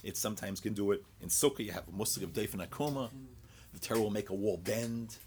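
A man's voice: fairly low pitch, fast, a little hiss or hum. A man teaching a Talmud lecture. He mixes English with Hebrew and Aramaic study terms and thinks aloud in rhetorical questions, often repeating words.

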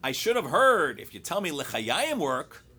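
A man's voice: on the high side, very animated, moderate pace, pushed and bright. A man teaching a Talmud lecture. He mixes English with Hebrew and Aramaic study terms and thinks aloud in rhetorical questions, often repeating words.

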